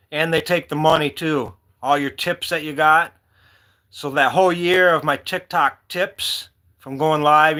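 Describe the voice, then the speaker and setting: A livestream host with a mid-range, sharp-toned voice keeps things casual. He rambles across stories and talks to individual viewers by name.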